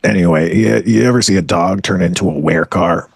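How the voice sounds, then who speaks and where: A very low, husky male voice rolls through a rambling comic bit, boasting with deadpan swagger. The sound is dry and close, with no room around it. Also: a little fast, no room sound. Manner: deadpan absurd storytelling with swagger. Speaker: comedy podcast co-host. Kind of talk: improvised comedic bit.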